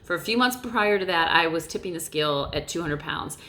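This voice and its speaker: Middle-aged woman, motivational vlog, animated, emphatic, casual swearing, camera mic. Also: on the low side, a little fast. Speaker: motivational vlogger. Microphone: camera mic, looking off-lens.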